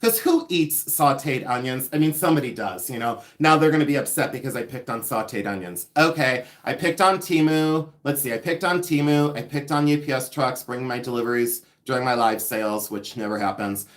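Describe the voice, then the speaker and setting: A man's voice: medium pitch, brisk, few pauses. A man hosting a live jewelry sale stream, chatting in a gossipy, rambling way with frequent laughter and side stories. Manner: gossipy, animated, laughs often, rambling asides. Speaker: livestream host selling vintage jewelry. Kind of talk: chatty livestream monologue.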